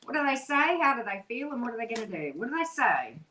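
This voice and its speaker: Woman tarot reader, chatty and blunt, teasing tone, bright forward voice, echoey room. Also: a little high, sing-song, quick pace, a little hiss or hum. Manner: chatty, blunt and teasing, calls listeners love and baby. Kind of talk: casual tarot reading for viewers.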